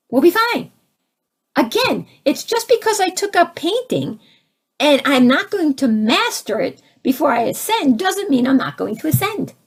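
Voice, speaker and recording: A woman giving a conversational spiritual talk, asking her listeners questions and turning animated as she acts out her own reactions. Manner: animated, rising to high exclaims when acting out her own reactions; conversational, asks the audience questions. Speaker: spiritual teacher.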